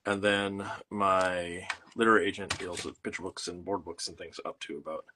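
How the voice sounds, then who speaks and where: A man's voice: low voice, fairly even intonation, moderate pace, bright, forceful tone. A man hosting a casual livestream from a home studio, explaining things in a rambling way with plenty of fillers while he works on art. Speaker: host.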